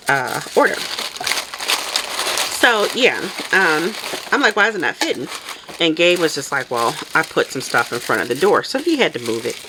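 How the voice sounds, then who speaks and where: A woman chatting casually while packing orders, telling stories in an animated way and laughing often. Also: lowish voice, noisy background. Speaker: soap maker vlogger.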